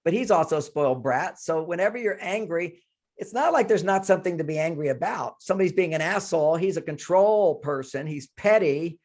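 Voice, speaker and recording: A man's voice: fairly high pitch, lively intonation, brisk, darkish tone. A man leading an emotional coaching session, emphatically voicing anger in the first person to demonstrate the exercise.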